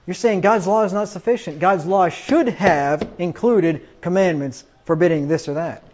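A man preaching a sermon, quoting scripture emphatically and getting louder on the quotes. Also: sits high, moderate pace. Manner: emphatic, rises loud when quoting scripture. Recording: dull lo-fi recording.

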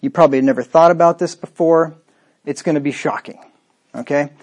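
A man's voice: on the high side, fairly even intonation, brisk, darkish tone. A man preaching a sermon in a scornful, combative way, with frequent rhetorical asides to the listener.

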